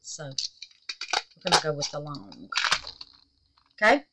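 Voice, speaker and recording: Heavy background noise sits under this woman's deep, sing-song voice as she takes it slowly. She's a resin craft vlogger assembling a resin clock at home, chatting folksily while tired and huffing, often exclaiming and laughing.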